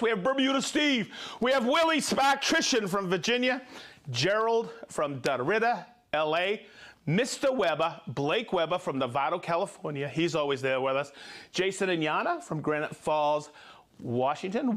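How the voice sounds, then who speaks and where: Reading viewers' names and hometowns aloud, this livestream host speaks in a high-sitting, expressive, somewhat bright voice. His delivery is jokey, with stumbles on awkward place names and quick asides.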